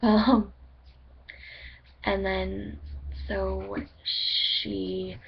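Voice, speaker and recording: A woman's voice: medium pitch, flat delivery, drawn-out words, creaky, husky. A woman casually telling a story to camera in a rambling, chatty way, swearing freely. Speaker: vlogger. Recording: dull lo-fi webcam audio with faint noise.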